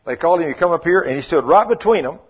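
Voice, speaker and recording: A man preaching a sermon, telling folksy stories and acting out the people in them, swinging from loud rebukes to quiet asides. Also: on the high side, lively intonation, very fast, breathy edge. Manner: folksy, acts out quoted voices, shifts between loud rebukes and quiet asides. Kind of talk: sermon with storytelling. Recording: muffled lo-fi sermon recording.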